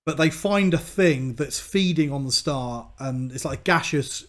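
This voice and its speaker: A man co-hosting a podcast, chatting casually and chiming in with corrections. His voice sits fairly high for a man. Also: unhurried. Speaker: podcast co-host. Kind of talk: casual chat.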